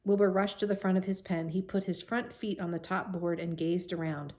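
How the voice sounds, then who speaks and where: A woman reading a children's novel aloud to young listeners, expressive, with friendly asides. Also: on the low side, a little fast.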